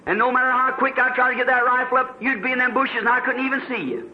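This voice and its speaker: A man's voice: very high-pitched, fairly even intonation, quick pace, slight background noise. A man preaching a sermon, telling folksy stories that rise to fervent exclamations. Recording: dull lo-fi archival sermon tape.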